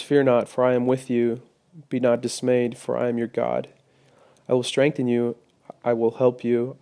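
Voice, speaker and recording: Young man telling his story, gravelly. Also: medium pitch, warm tone. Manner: hesitant, many fillers and restarts. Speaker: testimony speaker. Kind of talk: personal testimony.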